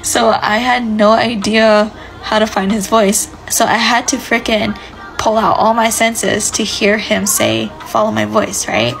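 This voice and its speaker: A woman slowly recounting a scary dream in casual storytime style, searching for words and laughing nervously. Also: on the high side, gravelly, a bit bright, faint music behind, low-quality recording.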